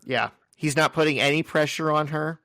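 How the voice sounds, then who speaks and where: Speaking at a normal pace, this man has a fairly high pitch, fairly even intonation, and a pushed, bright delivery, captured in studio quality with no room sound. As a podcast co-host, he walks through a comic's scenes in sequence in a casual chat, cracking crude jokes as he goes.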